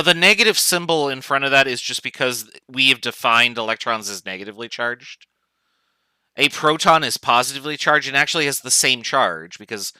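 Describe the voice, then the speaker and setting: A man teaching a chemistry class online, explaining in a relaxed, informal way with side remarks. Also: medium pitch, clean tone, no room sound, low-quality recording. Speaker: chemistry professor. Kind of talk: casual online lecture.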